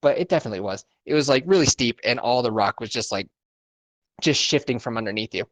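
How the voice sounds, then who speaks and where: A man's voice: mid-range voice, animated, fast talker, no room sound. A young man co-hosting a podcast, telling a story in casual, profane chat and laughing often. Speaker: podcast co-host.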